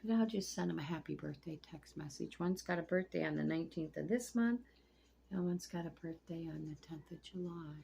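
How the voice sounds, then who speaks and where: Gravelly, blunt middle-aged woman venting. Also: low-pitched, fairly quick, warm tone, a little hiss or hum. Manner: blunt, profane and rambling. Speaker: vlogger. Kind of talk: casual venting monologue. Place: at home among pet turtles.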